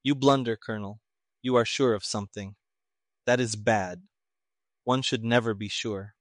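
A man voicing a calm young civilian detective who speaks flatly and tonelessly, in an audiobook reading. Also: lowish voice, moderate pace, no room sound, studio quality, lightly acted. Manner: flat, toneless, clipped.

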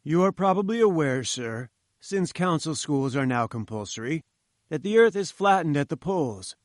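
A man's voice: a little high, expressive, moderate pace, dry recording, clean studio sound, lightly acted. A man doing a pompous, lecturing old professor. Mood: patronizing. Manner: condescending, lecturing. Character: pompous, patronizing older male professor. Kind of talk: audiobook reading.

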